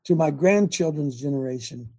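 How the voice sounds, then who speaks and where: A man's voice: a little high, moderate pace, dark tone. An older man hosting a Christian talk show, preachy and emphatic, often repeating words and restarting sentences. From United States.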